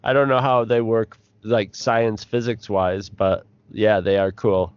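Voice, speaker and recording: A man co-hosting a podcast, chatting casually and rambling, with halting restarts. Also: lowish voice, steady tone, clear, resonant tone, dry recording, dull audio. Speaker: podcast co-host. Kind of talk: casual chat.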